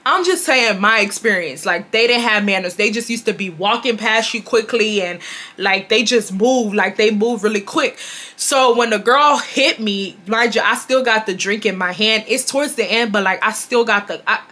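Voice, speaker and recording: A young woman telling a storytime vlog in casual, animated talk, cursing and loudly acting out an argument. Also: medium pitch, moderate pace. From Nigeria. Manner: animated, swearing, loud mocking re-enactments of the argument. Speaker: storytime vlogger.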